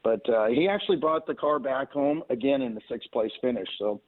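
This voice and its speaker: A man's voice: mid-range voice, brisk. A man who owns a race car, telling rambling stories in a casual way, full of restarts and filler phrases. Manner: rambling, lots of "you know" and restarts. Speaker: race car owner, guest. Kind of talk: casual anecdotal storytelling. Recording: tinny phone line.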